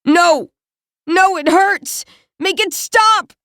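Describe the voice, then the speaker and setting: A woman's voice: extremely high pitch, slow, a little mellow, no room sound, clean studio sound, pitched above the performer's own voice. A woman voicing a terrified, wounded teenage boy who cries out and pleads in pain. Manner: pleading, crying out.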